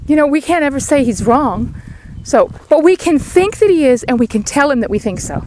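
A woman's voice: sits high, expressive, brisk, a little mellow, slight background noise. A woman giving an outdoor devotional sermon beside a sheep paddock, in an earnest, pleading way of exhorting. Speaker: lay preacher.

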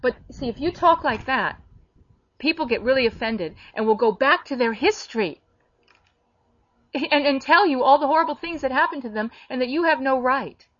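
A woman's voice: high voice, animated, normal speed, no echo, highs cut off. Blunt, emphatic woman preaching. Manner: blunt, emphatic, rising into sharp bursts when quoting. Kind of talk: sermon-style teaching.

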